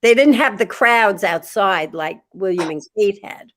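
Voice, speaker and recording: A woman's voice: mid-range voice, lively intonation, unhurried, a bit bright. An older woman as a guest on a casual talk show, dry and matter-of-fact. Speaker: guest, host's mother. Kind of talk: casual chat.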